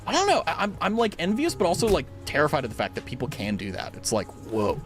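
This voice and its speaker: Rambling young male streamer, lively voice. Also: a little high, fast, music in the background. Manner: rambling, filler-heavy, giggly. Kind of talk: casual gaming stream chat. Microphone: studio dynamic mic.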